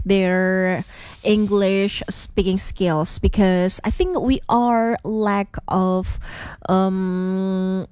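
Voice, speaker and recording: Slow, hesitant woman host. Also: mid-range voice, fairly even intonation, a little mellow, smooth, dry recording. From Indonesia. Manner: hesitant, many fillers, laughs along. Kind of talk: casual podcast chat.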